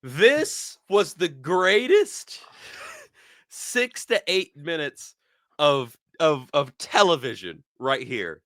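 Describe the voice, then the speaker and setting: A man hosting a casual wrestling review, telling the story with animated energy, acting out lines, laughing often and restarting his sentences. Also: a little high, very slow, dry recording, clean studio sound. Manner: repeats words and restarts mid-sentence.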